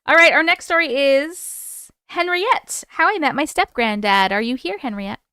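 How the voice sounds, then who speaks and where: A woman's voice: sits high, lively intonation, normal speed, pushed and bright, no room sound, studio quality. A woman hosting a live stream, chatting casually and swearing freely before reading viewer stories.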